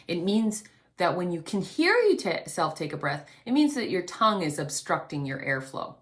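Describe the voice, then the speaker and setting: Woman giving a gentle singing lesson. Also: on the low side. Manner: gently instructive, demonstrates breaths. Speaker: vocal coach.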